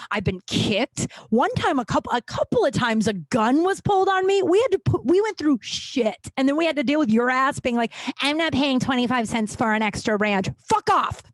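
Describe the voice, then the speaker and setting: A woman's voice: high voice, no room sound. A woman in her thirties hosting a podcast, telling casual stories in a profane, ranting way and acting out the people she quotes. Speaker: podcast host. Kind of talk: casual storytelling monologue.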